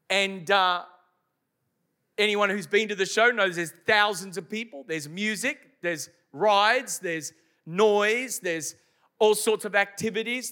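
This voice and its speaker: A man's voice: high voice, pushed and bright. A man preaching a sermon to a congregation, emphatic and often putting questions to the listeners. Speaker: pastor. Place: church service before a congregation.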